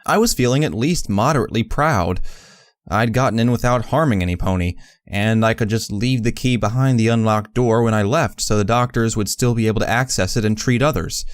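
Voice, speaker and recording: A man narrating a fan fiction audiobook in the first person, measured and reflective. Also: on the low side, no room sound, clean studio sound.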